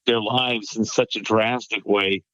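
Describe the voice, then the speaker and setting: Male pastor, reflective conversationalist, low voice, slightly muffled dry audio. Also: fairly even intonation, measured pace, sharp tone, dry recording. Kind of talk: casual chat.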